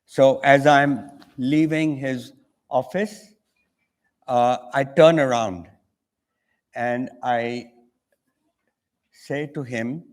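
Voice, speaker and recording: An older author with an Indian English accent tells a story at a measured, unhurried pace. He acts out the other people's lines as he goes, with a pitch that sits in the middle for a man. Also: steady tone. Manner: acts out dialogue in an anecdote. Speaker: author and conference guest. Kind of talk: storytelling on a panel.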